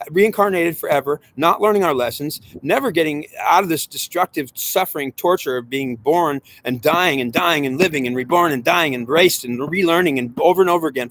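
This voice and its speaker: A man delivers a heated spiritual monologue in a voice pitched a little higher than most men's. He talks in an agitated, rambling way and keeps circling back on the same points, repeating them again and again. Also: fairly quick, a bit bright. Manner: agitated and rambling, with frequent repetition.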